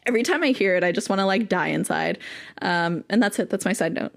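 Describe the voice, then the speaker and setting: A woman's voice: medium pitch, fast, gravelly. A woman co-hosting a podcast in casual chat, rambling with wry asides and plenty of fillers. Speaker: podcast co-host.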